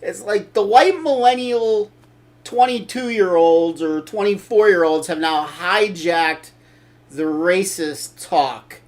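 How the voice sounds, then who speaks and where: A man's voice: sits high, slow. An older man hosting a casual opinion talk show, blunt and opinionated, rambling with restarts. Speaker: show host.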